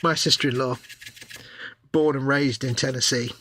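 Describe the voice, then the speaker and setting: A man's voice: medium pitch, steady tone, normal speed, heavy background noise. A man chatting casually and telling wry stories while he works as co-host of a live stream. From England. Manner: chatty, storytelling, wry exaggeration. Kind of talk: casual chat while working. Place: home workshop.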